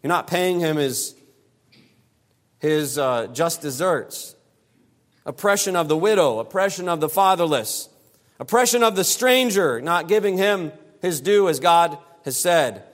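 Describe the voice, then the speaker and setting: Man preaching, fairly high voice, emphatic repetition, long echoing reverb. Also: lively intonation, a little slow. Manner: emphatic, repeats phrases for stress. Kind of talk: expository sermon.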